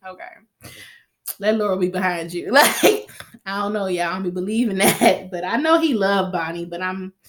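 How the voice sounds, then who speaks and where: A woman's voice: medium pitch, moderate pace. A woman giving a casual, chatty recap of a TV episode, swearing freely and acting out the characters' lines. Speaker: TV recap vlogger.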